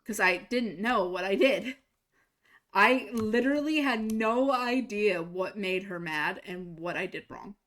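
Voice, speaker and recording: A young woman streaming a game, telling a personal story in a casual, animated way and jumping higher to act out quoted lines. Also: measured pace. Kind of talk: casual storytelling while gaming.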